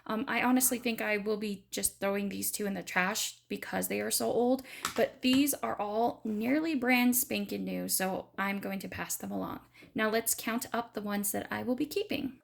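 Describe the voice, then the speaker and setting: A woman's voice: mid-range voice, steady tone, moderate pace, gravelly. A woman giving a chatty, enthusiastic beauty product review in a casual vlog. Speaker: beauty vlogger.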